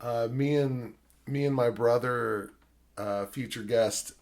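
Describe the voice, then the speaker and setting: A man's voice: medium pitch, takes it slowly. A man hosting a podcast, chatting casually about a film, rambling with many fillers and frequent swearing. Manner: acts out quotes in animated voices. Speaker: podcast host.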